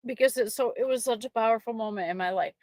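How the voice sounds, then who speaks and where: Woman, middle-aged, personal faith testimony, emotional, halting, fairly high voice, dry sound. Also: a little mellow, no room sound. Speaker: trucker sharing a faith testimony. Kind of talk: personal testimony to an online audience.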